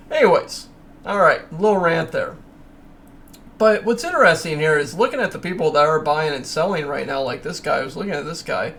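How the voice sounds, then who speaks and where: On his own crypto channel, a man with a fairly high, slightly bright voice walks viewers through price charts on screen. He's casual but emphatic, with ranting asides, and there's slight background noise.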